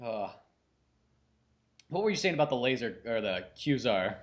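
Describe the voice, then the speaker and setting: A man's voice: medium pitch, very animated, unhurried, lo-fi sound. A man co-hosting a podcast, joking around in casual chat and cutting in with crude quips. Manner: jokey, cuts in with crude quips. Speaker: podcast co-host.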